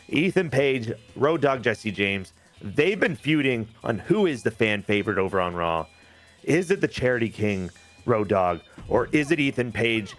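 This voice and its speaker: A man giving animated, jokey play-by-play of a wrestling video game, telling the story of each match with quick asides. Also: lowish voice, soft background music. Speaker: game commentator.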